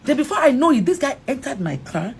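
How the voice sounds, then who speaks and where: High-pitched and quick, this middle-aged Nigerian actress shares an emotional story during an interview. She animatedly acts out others' dialogue and restarts often.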